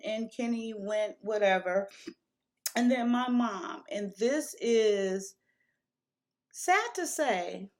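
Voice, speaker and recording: A woman telling a personal story to camera in a candid, casual way, stopping and restarting as she remembers. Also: medium pitch. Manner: candid, emotional retelling with frequent restarts.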